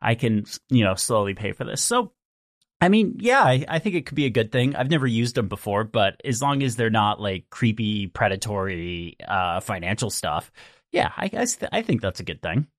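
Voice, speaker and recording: A man's voice: lowish voice, sing-song, moderate pace, dry recording, studio quality. Young man rambling with lots of likes. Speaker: podcast guest, YouTube creator. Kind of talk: casual panel chat.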